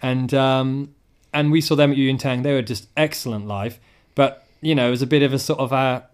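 A man's voice: mid-range voice, fairly even intonation, a little fast, smooth. A man hosting a podcast, chatting and joking about gigs and steering between topics. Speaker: podcast host. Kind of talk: casual chat about live music.

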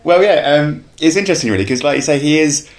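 A man's voice: fairly high pitch, expressive, fast talker. A man co-hosting a casual podcast, talking in an easygoing, agreeable way with lots of fillers. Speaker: podcast co-host.

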